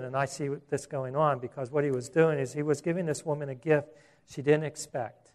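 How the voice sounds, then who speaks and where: A man preaching a sermon, earnest, with repeated words and rhetorical questions. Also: mid-range voice.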